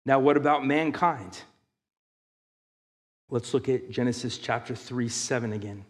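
A man preaching a sermon, reading scripture aloud and building to loud, emphatic passages. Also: medium pitch, a little slow, big-room sound. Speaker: pastor.

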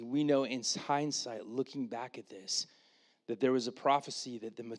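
Speaking at medium pitch, a pastor retells the story in his sermon with casual animation and quoted asides. When he reaches his main points, his voice turns hushed and earnest.

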